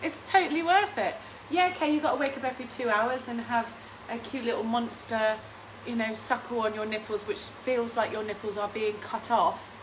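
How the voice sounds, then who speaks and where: Chatty high-voiced woman cooking. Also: normal speed, few pauses, background noise. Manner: chatty and rambling, often laughing, reading out viewer comments. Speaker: host of a home cooking stream. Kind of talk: casual live-stream chat while cooking. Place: home kitchen.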